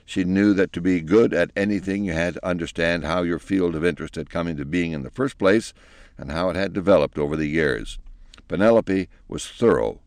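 Deep-voiced man reading a storybook. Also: a little fast, dry recording. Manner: expressive, animated reading. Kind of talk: storybook narration.

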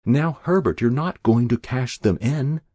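Man voicing a plain thrifty housewife, prim, proud, raised pitch, husky grain. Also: a little slow, darkish tone, no room sound, studio quality, lightly acted. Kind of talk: audiobook narration.

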